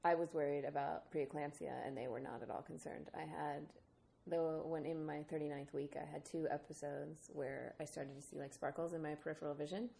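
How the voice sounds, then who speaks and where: A woman's voice: deep voice, steady tone, a little fast, gravelly, dark tone. A woman in her thirties co-hosting a podcast, talking candidly and laughing often as she retells what people said. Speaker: podcast co-host. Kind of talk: casual chat.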